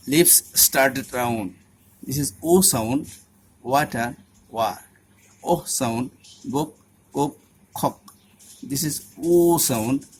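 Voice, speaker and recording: A man gives a pronunciation lesson in a mid-range voice. He speaks very slowly, sounding out each vowel and example word one at a time. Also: mid-range voice, a bit bright, breathy edge. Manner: deliberate, repeats sounds and words one by one. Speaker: English pronunciation teacher. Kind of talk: instructional lesson.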